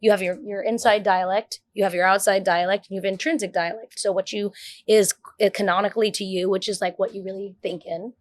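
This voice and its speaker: A young woman talking quickly on a podcast, looping through her thoughts with plenty of "like" and "um". Her voice sits at a middling pitch, and the sound is dry and close with no room echo. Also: steady tone. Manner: fast, rambling, many fillers. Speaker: podcast guest. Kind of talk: casual chat.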